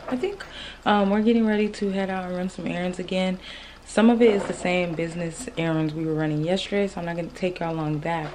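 Young female vlogger, lowish voice, loose chatty delivery, off-mic with background noise. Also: darkish tone, distant mic, low-quality recording. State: out of breath after climbing stairs. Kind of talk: casual vlog chat.

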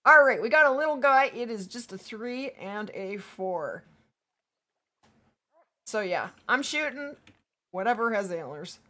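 Woman game streamer, bright, bouncy, hoarse from talking, chatty and upbeat. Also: fairly high pitch, lively intonation. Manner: upbeat, chatty, reads chat aloud, quick to laugh. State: losing her voice. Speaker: livestream gaming host. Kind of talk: casual livestream chat while playing.

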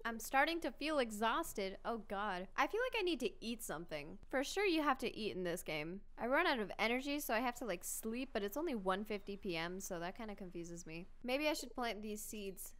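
A young adult woman giving chatty, excitable commentary while playing a video game and reading its text aloud. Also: a little high, fairly quick, few pauses. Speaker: gaming channel host. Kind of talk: casual let's-play commentary.

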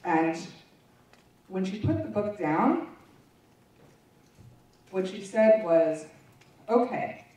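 A woman's voice: medium pitch, animated, very slow, long pauses, warm tone. Woman, presenter, candid storytelling, frank asides, very echoey room, distant mic. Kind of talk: personal testimony talk. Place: large meeting room.

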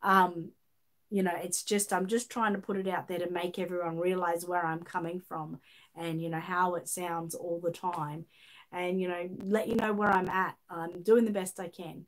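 A talkative Australian woman in middle age, hosting a relaxed livestream. She reads out viewer comments and wanders through her replies, restarting sentences and filling pauses as she goes. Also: lowish voice. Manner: chatty, rambling with many fillers and restarts. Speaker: livestream host. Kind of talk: casual livestream chat reading viewer comments.

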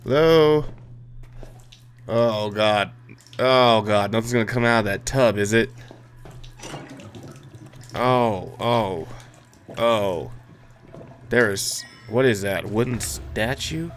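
Low-voiced joking man gaming. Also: slow, pauses often. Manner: joking, swearing, talking to the game characters. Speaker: gamer. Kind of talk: let's play commentary.

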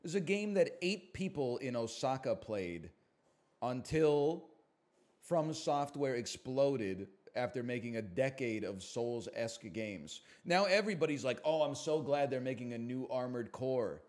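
A man streamer in his thirties riffs in casual, sarcastic banter. He rants in quick bursts and keeps a mocking edge, his voice sitting at an ordinary middle pitch. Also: animated, darkish tone. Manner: sarcastic, ranting, mock voices at high pitch.

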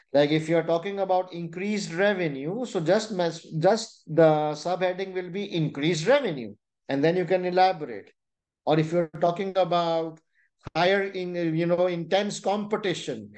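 A young adult man with a Pakistani English accent teaching an online exam-prep webinar, explaining points deliberately and checking in with "right?" and "you know". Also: sits high, a little mellow. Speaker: exam tutor.

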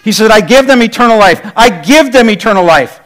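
High-voiced man preaching a sermon. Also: animated, brisk, poor audio. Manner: conversational preaching with rhetorical questions. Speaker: pastor.

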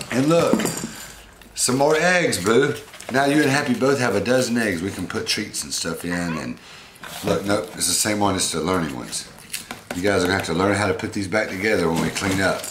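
A man's voice: on the low side, reverberant, background noise. A man casually unboxing fan mail and talking sweetly to his pet monkey. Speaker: pet vlogger.

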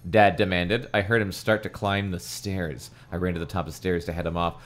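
Low-voiced man reading with crude jokes. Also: fairly quick, hardly any pauses, fairly bright tone. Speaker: podcast co-host. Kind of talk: comedic reading aloud of a children's book.

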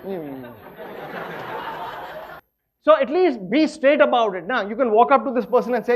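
Animated Indian man lecturing, high voice. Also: moderate pace, pauses often. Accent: Indian English. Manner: lively, playful, swings between loud emphasis and quiet asides. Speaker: workshop lecturer.

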